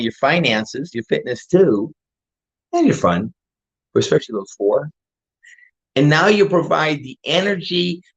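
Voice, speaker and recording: An older man giving a casual motivational talk as a fitness and home business coach, energetic and driving his points home with rhetorical questions. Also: on the high side. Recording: dull lo-fi audio.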